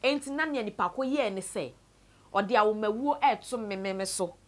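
A Ghanaian woman telling a sad story from her own life, mixing Twi and English, her voice often sinking low and quiet. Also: normal speed. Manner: tells a sad story, switches between Twi and English, voice sinks low and soft. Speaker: interviewee. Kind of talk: personal story told to camera.

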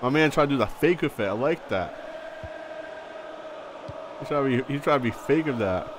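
A man live-streaming a football video game, chatting and reacting loudly, often repeating his words. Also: medium pitch, normal speed, background noise. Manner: excitable, repeats words, yelps in surprise. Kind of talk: live gameplay chat.

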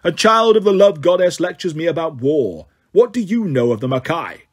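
A man reading aloud, voicing a boastful, mocking male giant who taunts slowly. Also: on the high side, sing-song. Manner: slow gloating taunts.

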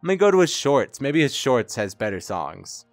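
A man's voice: medium pitch, very animated, moderate pace, over music. A young man giving playful, melodramatic commentary while playing a video game, joking with himself and others. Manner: joking, exaggerated, melodramatic outbursts. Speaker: gaming streamer.

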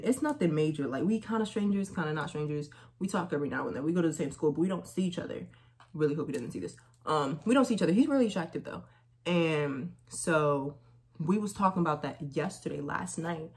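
A young woman chatting casually through a try-on haul, telling stories in lively slang. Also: sits low. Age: young adult. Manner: chatty, animated storytelling with slang. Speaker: vlogger.

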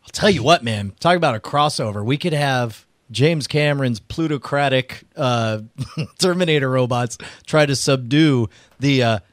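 A man's voice: medium pitch, normal speed, dry recording, studio quality. A man co-hosting a comedy podcast, laughing often as he spins out silly scenarios. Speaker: podcast co-host. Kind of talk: casual comedic chat.

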